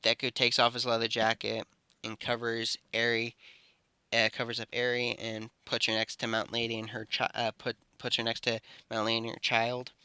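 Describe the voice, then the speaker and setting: A man's voice: medium pitch, completely flat delivery, normal speed, sharp tone, clear, resonant tone, dry recording. A man telling an improvised fan story, rambling and correcting himself as he goes. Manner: rambling, self-correcting narration. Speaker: YouTube storyteller.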